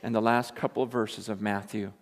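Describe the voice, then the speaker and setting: A pastor with a lowish, fairly flat voice preaches a sermon at a fairly quick pace, impassioned and emphatic, often repeating words as he builds. The long reverb of a large hall surrounds him.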